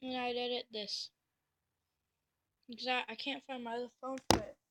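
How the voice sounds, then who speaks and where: A woman giving excitable, rambling gameplay commentary, full of slang and fillers. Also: fairly high pitch, moderate pace. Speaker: gameplay video host.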